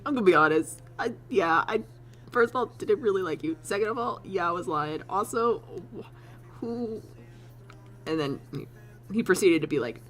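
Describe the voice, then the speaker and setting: Bright-voiced rambling streamer. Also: mid-range voice, moderate pace. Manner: rambling, laughs often, swears casually. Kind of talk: casual stream chat.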